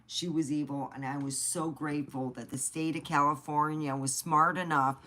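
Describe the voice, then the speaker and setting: A woman's voice: low-pitched, fairly even intonation, moderate pace, bright, forceful tone. A middle-aged woman from the United States telling personal stories in a blunt, chatty way and swearing freely. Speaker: vlogger. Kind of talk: casual storytelling.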